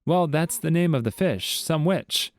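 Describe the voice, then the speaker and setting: A man voices eager young altar boys, pitching his voice a little high, above his own, in an animated but unhurried way. The recording is dry and studio quality.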